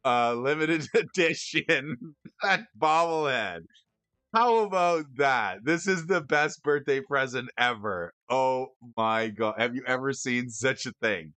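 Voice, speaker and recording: A man streaming casually, excitable and often stammering through restarts as he talks about cards and gifts. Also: a little high, slow pace, no echo. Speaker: streamer discussing card prices. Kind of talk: casual live-stream chat.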